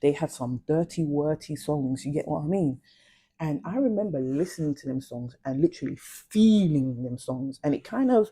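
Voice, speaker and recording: A woman's voice: deep voice, mellow, breathy edge. A young adult woman, chatting casually and confidingly about her past in slang-heavy storytelling. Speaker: vlogger.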